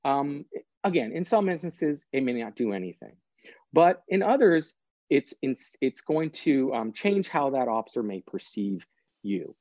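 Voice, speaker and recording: Man, podcast guest, earnest and explanatory, mellow voice, dry slightly dull audio. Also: mid-range voice, very animated, measured pace, no echo. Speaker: guest, author and prosecutor. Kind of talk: podcast interview.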